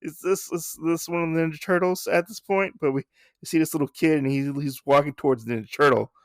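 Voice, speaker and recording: A man's voice: a little high, steady tone, brisk, no room sound, studio quality. A man hosting a podcast, recapping a comic in a rambling, casual way, swearing now and then. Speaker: podcast host.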